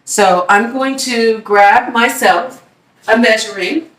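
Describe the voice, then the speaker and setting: A cooking-video host talks straight to her viewers in a chatty, upbeat home-kitchen demo. She speaks slowly in a slightly high, fairly bright voice, with slight background noise, an echoey room and a far-off mic.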